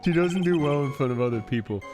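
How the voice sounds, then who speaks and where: A man voicing an earnest, bumbling male police detective in a fan-dubbed courtroom game, speaking haltingly with fillers. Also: on the high side, lively intonation, close to an everyday voice. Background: game music.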